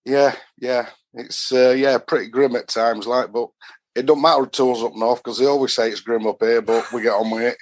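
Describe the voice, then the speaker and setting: A middle-aged Yorkshire man from Doncaster, speaking as a podcast guest. He rambles happily through his stories in thick northern dialect, his voice sitting at an ordinary male pitch. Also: fairly even intonation, normal speed. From Doncaster, Yorkshire, England. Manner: chatty, rambling, dialect-heavy. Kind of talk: casual storytelling.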